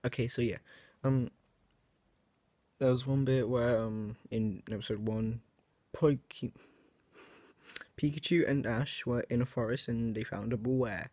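A man's voice: mid-range voice, steady tone, a little slow, pauses often, darkish tone, no room sound. A young man chatting casually to his viewers, rambling and hesitant, often restarting his sentences and poking fun at himself. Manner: self-mocking. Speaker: vlogger. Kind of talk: casual chat to camera.

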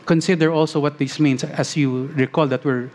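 A man preaching a sermon as pastor, earnest, slowing on key phrases and rising as he reads scripture aloud. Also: fairly high pitch, fairly even intonation, darkish tone.

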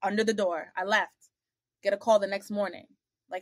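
A woman's voice: normal speed, no echo, clean studio sound. A young woman telling a story casually on a podcast, acting out the people she quotes with big jumps in her voice. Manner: animated, acts out quoted dialogue with big pitch jumps. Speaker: podcast guest.

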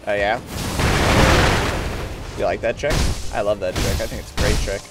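A man streaming a video game, commenting live, excitable, talking to the enemies he fights and bursting into exclamations. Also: lowish voice, normal speed, long pauses. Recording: game music loud under the voice. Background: game music.

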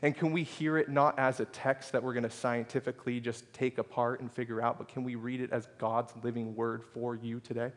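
A male pastor preaching a sermon, telling a personal story that swings between loud, excited passages and hushed, soft ones. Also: mid-range voice, brisk, hardly any pauses. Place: church sanctuary. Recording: long reverb of a church hall.

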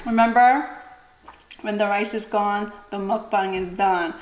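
A woman in her thirties, a mother giving casual advice while eating on her vlog. She talks in a chatty, animated way and keeps acting out other people's lines. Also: mid-range voice, a little slow, very noisy. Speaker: mukbang and recipe vlogger, mother. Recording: roomy echo with clattering dishes.

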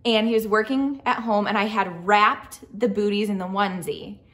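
A young adult woman vlogging in a chatty, excited way, with frequent fillers and restarts. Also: medium pitch, normal speed. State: speaking softly near a sleeping baby. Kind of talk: casual storytelling vlog.

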